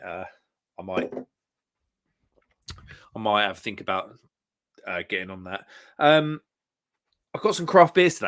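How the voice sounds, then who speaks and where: A man's voice: on the low side, a bit bright. A British man hosting a casual live stream, chatting easily and reading out viewers' comments. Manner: chatty, reads out viewers' comments, chuckles often.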